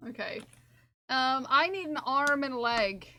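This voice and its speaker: A woman's voice: high voice, lively intonation, a little slow, sharp tone. A woman streamer chatting casually while crocheting, repeating her own phrases to herself as she works.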